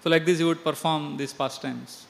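A man's voice: a little high, steady tone, moderate pace, creaky. A man earnestly telling a devotional story and explaining chanted verses, often repeating himself. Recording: long hall reverb.

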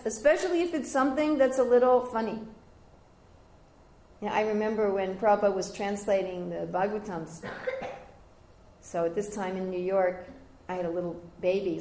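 An older woman giving a devotional scripture class, telling stories lively and raising her voice high whenever she quotes others. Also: normal speed. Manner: animated storyteller, jumping high when quoting others. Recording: roomy echoey room.

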